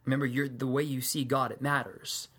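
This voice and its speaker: A man's voice: medium pitch, steady tone, fairly quick, a bit bright, breathy edge. A man preaching a sermon, telling the story in a casual, conversational way with joking asides.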